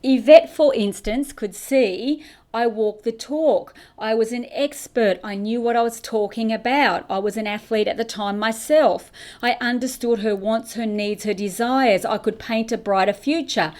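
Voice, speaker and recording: A woman's voice: on the high side, unhurried, darkish tone. A middle-aged woman hosting a motivational business podcast, talking straight to camera with emphatic rhetorical questions. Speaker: podcast host and business coach. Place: indoors, facing camera.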